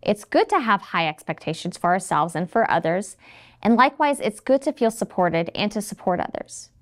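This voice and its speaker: With a mid-range, sing-song voice at normal speed, a woman in her thirties narrates a scripted teacher training video. As a trainer for educators, she's friendly and acts out the phrases she quotes.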